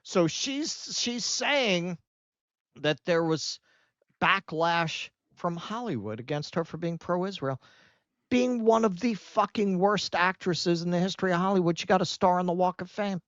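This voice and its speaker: A man hosts a political commentary podcast, trading sarcastic, profane jabs in animated bursts. The recording is dry and a little dull, as if from a basic home setup. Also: sits high, unhurried, dry recording. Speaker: podcast host.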